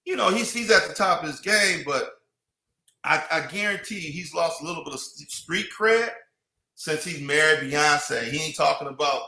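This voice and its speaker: A man's voice: fairly high pitch, moderate pace, bright, forceful tone, echoey room, poor audio. A man in casual podcast chat, rambling with many restarts and "you know what I mean".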